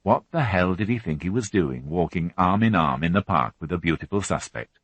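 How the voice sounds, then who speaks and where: A man narrating a crime novel as an audiobook reader, unhurried and even. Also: deep voice, dry recording, highs cut off. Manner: even, unhurried reading with voiced characters. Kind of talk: scripted narration.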